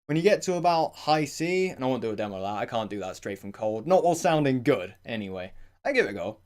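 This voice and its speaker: A man's voice: mid-range voice, very animated, quick pace. A man casually explaining singing technique in a rambling, conversational way, full of "you know" fillers and short sung demonstrations. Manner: breaks into short sung and shouted vocal demos. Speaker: singing vlogger.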